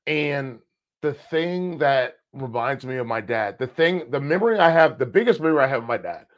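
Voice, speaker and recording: A man in his thirties talks through old memories on a casual podcast. He gets animated and swears freely, acting out what people said back then. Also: mid-range voice, moderate pace. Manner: animated, swears freely, acts out past conversations. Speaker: podcast co-host. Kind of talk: casual storytelling chat.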